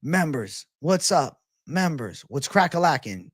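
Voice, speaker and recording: A man hosting a live stream in casual chat, animated, swearing and calling everyone 'bro'. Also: a little high, a little slow, breathy edge, dry recording, studio quality. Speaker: stream host.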